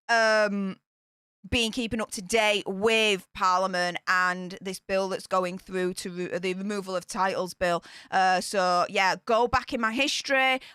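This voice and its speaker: A British woman giving scornful live-stream commentary in an excitable voice that swings between shrieks and mutters. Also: medium pitch, smooth, no room sound, clean studio sound. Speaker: royal news commentator.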